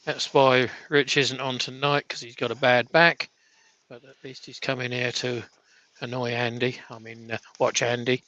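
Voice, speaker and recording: A man with a bad cough sits in an office and reads out viewer comments. He talks in a chatty, teasing way, and his voice is bright and clear. His pitch sits in the middle of the range. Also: flat delivery, moderate pace, rough recording. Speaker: co-host reading viewer comments. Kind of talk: casual live-stream chat.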